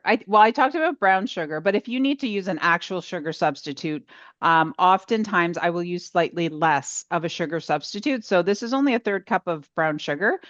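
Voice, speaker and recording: A woman with a Canadian accent presenting a cooking demonstration, explaining in a relaxed, friendly way. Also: fairly low pitch, no echo, dull audio. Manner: relaxed, friendly explaining, eats while talking. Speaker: home economist presenter.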